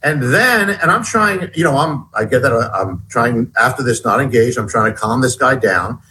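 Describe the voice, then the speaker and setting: A middle-aged man telling a personal story as a guest, animated and halting, with many restarts. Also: medium pitch, a little hiss or hum, low-quality recording. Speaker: guest author. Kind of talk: storytelling in an interview.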